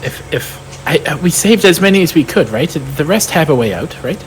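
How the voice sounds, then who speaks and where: A man's voice: a little high, big pitch swings, normal speed, slight background noise, poor audio. A man playing a tabletop game, hesitant and stumbling over his words. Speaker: player. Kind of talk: casual tabletop game play.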